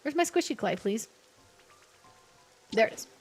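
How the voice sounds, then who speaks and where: A playful young woman streaming a game and chatting with her viewers. Her voice sits fairly high and swings through a very animated, lively range. Faint game music hums in the background. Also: measured pace. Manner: chatty, playful, reads chat aloud. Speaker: livestreamer. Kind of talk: casual gameplay chat.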